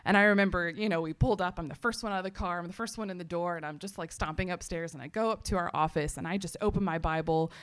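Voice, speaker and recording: A woman from Texas, giving an animated personal testimony to a church audience, full of fillers and quoted self-talk. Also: on the low side, fast talker, few pauses, clear, resonant tone.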